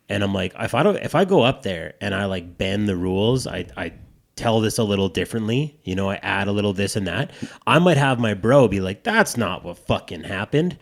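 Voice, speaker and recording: A podcast host chats casually, rambling, swearing freely and restarting often. His voice is lowish and creaky.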